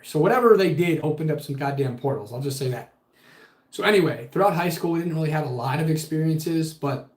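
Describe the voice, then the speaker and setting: A man casually telling a spooky story with lots of swearing. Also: on the high side. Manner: profane, animated storytelling. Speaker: podcast guest telling a ghost story. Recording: echoey room.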